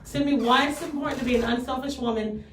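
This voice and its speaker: A woman's voice: high voice, fairly even intonation, quick pace, fairly bright tone, reverberant, recorded from a distance, slight background noise, low-quality recording. A woman hosting a radio show, chatting loosely and joking, swearing now and then. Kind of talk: casual on-air chat. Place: radio studio.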